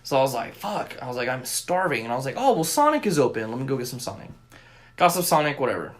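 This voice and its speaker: A young male podcast co-host spins a long story in casual conversation, swearing often and acting out what people said. His voice is medium in pitch and his pace is quick.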